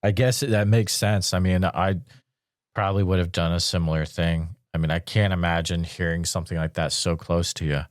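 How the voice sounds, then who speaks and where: A man with a very deep voice hosts an interview. He reacts to his guest and sums up what he heard, and his voice sounds dry and close. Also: fairly even intonation, brisk, no echo. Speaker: podcast host.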